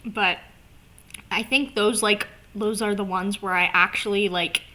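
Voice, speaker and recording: A woman vlogger chatting casually to camera, animated and swearing, with lots of "like" fillers. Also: medium pitch, unhurried.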